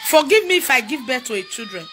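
Tearful Nigerian woman begging for help, fairly high voice, music heavy in the background. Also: very animated, fast talker. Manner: pleading, repetitive, emotional. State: crying. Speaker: mother pleading for help. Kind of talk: tearful public appeal. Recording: loud music behind voice.

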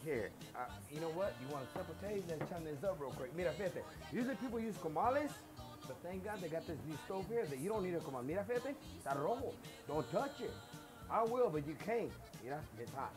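A man's voice: on the high side, lively intonation, fast talker, music in the background. A middle-aged man, hosting a casual home cooking show in his kitchen, chatty and boastful, dropping phrases as he goes.

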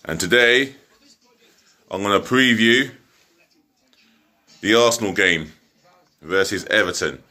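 A man chats through a football match preview in a casual home vlog. His voice sits low but carries a bright, forceful edge. He rambles, stops and restarts, and leans on fillers. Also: slow, long pauses. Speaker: football fan vlogger.

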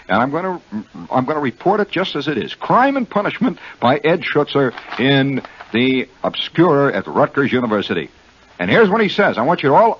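A man's voice: fairly high pitch, fairly bright tone, husky. A man hosting a radio show, rambling in a wry, mock-earnest monologue from a studio. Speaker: radio host. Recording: dull lo-fi 1969 radio broadcast.

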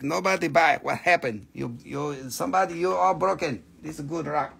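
A man's voice: fairly high pitch, normal speed, creaky, a bit bright, slightly rough. Crude, joking man selling crystals. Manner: crude joking sales patter. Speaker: live sale host. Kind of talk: live shopping stream.

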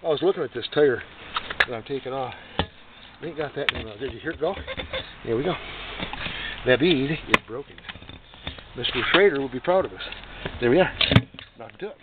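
A man talks through a repair job in a loose, folksy way, drifting into joking asides as he works. His voice sits in an ordinary middle pitch. The recording is thin and phone-like, picked up from a distance with clear noise behind him. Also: a little fast, long pauses. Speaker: DIY motorcycle repair vlogger. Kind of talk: casual how-to demonstration. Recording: tinny distant noisy phone-like sound.

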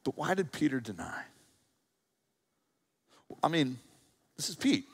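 A man preaching a sermon, telling a story and acting out the quoted lines with a joking, lively delivery. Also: mid-range voice, slow pace, vocal fry, long pauses, slightly rough. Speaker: pastor.

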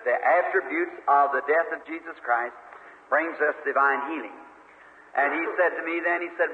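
A high-pitched man preaching, carried on a thin, phone-like old tape recording. His words ring out with a long hall reverb as he tells stories and plays out both sides of an argument. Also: moderate pace. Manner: storytelling, acting out both sides of a dialogue. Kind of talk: sermon.

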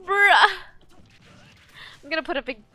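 A young woman streaming a game live, chatting casually and excitably, laughing and shrieking at the action. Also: high voice, a little slow.

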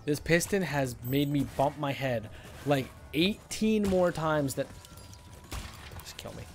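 A man's voice: fairly high pitch, a little slow, darkish tone, soft background music. A man streaming a platform game live, ranting and swearing in frustration, his voice jumping up in disbelief. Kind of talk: live gameplay commentary.

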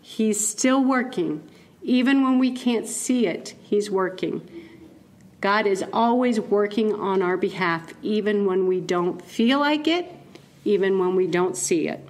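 A woman giving a keynote talk as a conversational sermon, playful and animated and laughing at her own asides. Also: mid-range voice, unhurried. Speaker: keynote speaker.

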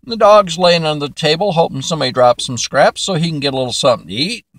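A man's voice: fairly high pitch, lively intonation, a bit bright, dry recording, clean studio sound. Folksy older man telling a joke. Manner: folksy, drawn-out storytelling. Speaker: joke teller.

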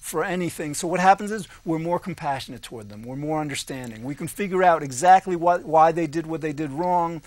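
High-voiced man explaining at length. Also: a little fast, few pauses, darkish tone. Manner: rambling, explanatory, laughs often. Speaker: co-host. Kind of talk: casual podcast discussion.

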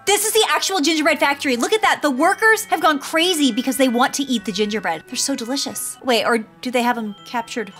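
A woman hosting a gaming video, giving excitable, gushing running commentary as she plays. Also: high voice, fast, few pauses, music in the background. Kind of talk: gameplay commentary.

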